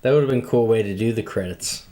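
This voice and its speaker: A man's voice: lowish voice, quick pace, dark tone, a little hiss or hum. A man co-hosting a podcast, talking casually about a film, laughing often and making crude jokes. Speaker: podcast co-host. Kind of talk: casual movie chat.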